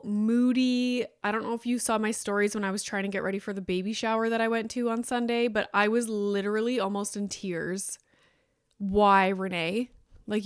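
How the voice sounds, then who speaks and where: Chatty woman podcast host, clear dry voice. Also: mid-range voice, dry recording. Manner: chatty, lots of "like", rambling storytelling. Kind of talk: casual chat.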